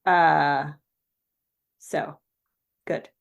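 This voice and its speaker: A woman's voice: sits low, fairly even intonation, drawn-out words, creaky, muffled recording. A woman co-hosting a podcast, talking in hesitant, filler-heavy casual chat and laughing often. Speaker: podcast co-host.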